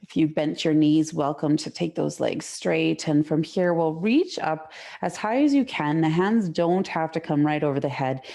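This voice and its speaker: A woman yoga instructor leading an online class from home, giving calm, slow, soothing cues. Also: low-pitched, gravelly.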